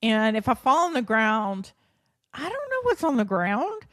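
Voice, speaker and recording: Woman, podcast host, slightly high voice, dry close sound, animated storytelling, laughs mid-sentence, self-deprecating. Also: a little slow, no room sound. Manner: acts out her own past thoughts and others' speech; frequent restarts and fillers. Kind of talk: personal storytelling monologue.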